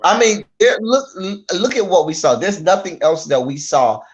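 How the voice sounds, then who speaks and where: A man's voice: sits high, very animated, normal speed, husky. Emphatic man on a lo-fi video call. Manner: emphatic, repeats points for stress. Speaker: YouTube commentator on a panel. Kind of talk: casual critical panel discussion.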